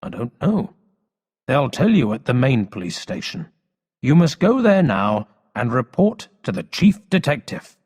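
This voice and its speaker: A stern, commanding police chief from a storybook, played by a male narrator close to his own voice. He questions people slowly and firmly, and the voice carries a long hall reverb. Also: medium pitch, very animated, a little mellow, breathy edge.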